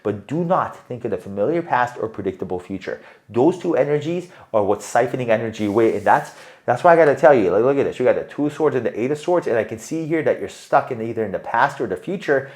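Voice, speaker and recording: A man giving a tarot reading in an animated, emphatic way, often checking in with "right?". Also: mid-range voice. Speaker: tarot reader.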